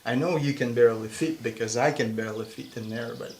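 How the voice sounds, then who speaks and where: A man hosting a casual car chat, talking slowly and hesitantly with frequent laughs, recorded inside a small old car. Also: medium pitch. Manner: slow, hesitant, laughs often. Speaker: host. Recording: loud car and road noise.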